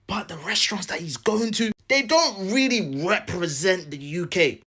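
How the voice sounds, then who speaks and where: Man, comic storyteller, lively pitch, jokey, acts out voices. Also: moderate pace, few pauses, slightly rough. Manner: animated, jokey, acts out each side. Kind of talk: comedic storytelling.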